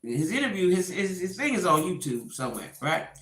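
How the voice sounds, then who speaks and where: A woman's voice: lowish voice, a little fast, echoey room. A woman doing casual gossip commentary, acting out the quotes as she retells a story. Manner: animated storytelling, acts out quotes.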